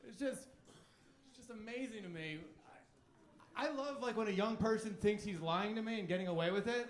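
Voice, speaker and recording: A man in his thirties with a high-sitting voice talks a little fast through a stand-up set on a comedy club stage. He's cocky, provocative and crude, and the club room sounds echoey.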